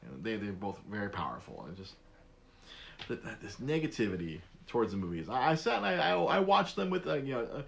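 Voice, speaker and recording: A man hosts a podcast in a casual, rambling monologue. His voice is lively, with plenty of rise and fall in pitch. He keeps stopping and restarting his sentences as he talks. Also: fairly quick, creaky, a little hiss or hum. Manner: rambling, many restarts, animated. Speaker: podcast host.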